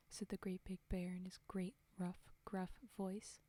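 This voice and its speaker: A woman whispering a fairy tale slowly and softly as a storyteller, in a whispered role-play reading. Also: on the low side, level tone, dry recording. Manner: soft, slow, whispered reading. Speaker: storyteller and streamer.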